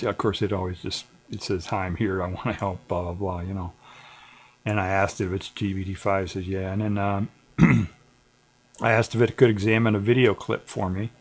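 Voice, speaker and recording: Man, lowish voice, middle-aged, laid-back rambling livestream host, chuckles a lot. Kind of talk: casual rambling livestream chat.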